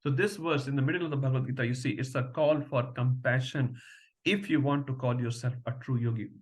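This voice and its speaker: A man's voice: medium pitch, fairly even intonation, brisk. A middle-aged man teaching a devotional scripture class, telling stories and often checking in with a questioning "huh?".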